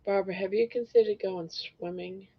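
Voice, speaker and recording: A woman's voice: mid-range voice, fairly even intonation, normal speed. An older woman hosting a casual live-stream chat, rambling from one thing to the next. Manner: rambling, breaks into song snatches. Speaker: host. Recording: dull lo-fi stream audio.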